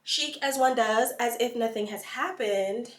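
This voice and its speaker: A woman's voice: on the high side, a little slow, reverberant, far from the mic. Chatty woman telling a storytime. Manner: animated, dramatic storytelling with slang. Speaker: vlogger. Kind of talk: casual storytime chat.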